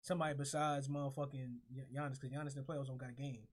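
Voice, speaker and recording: A man's voice: medium pitch, little pitch movement, racing. A man co-hosting a podcast, chatting casually about basketball with loose slang and heavy cursing. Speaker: podcast co-host. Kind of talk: casual sports chat.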